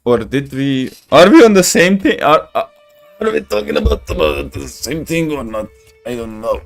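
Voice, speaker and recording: A man's voice: medium pitch, animated, moderate pace, gravelly, faint music behind. Laughing man rambling over a game. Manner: laughs often, rambling and joking, searches for words. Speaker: gaming streamer. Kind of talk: casual gameplay commentary.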